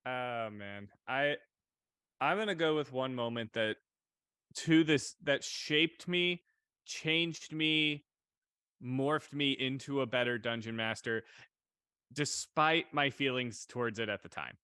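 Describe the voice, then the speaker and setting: A man's voice: medium pitch, slow, pushed and bright, clean tone, no room sound, studio quality. A man, a dungeon master, recounting a campaign story in a casual chat.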